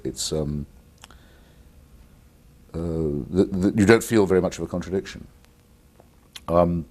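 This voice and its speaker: An English man, an author who is the guest on a call-in television interview, speaking deliberately and articulately with blunt opinions. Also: deep voice, warm tone. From England.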